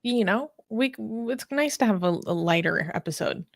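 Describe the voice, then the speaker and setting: A woman's voice: fairly high pitch, animated, normal speed, vocal fry, no room sound, studio quality. A young woman co-hosting a news talk show in a casual, chatty way with many fillers.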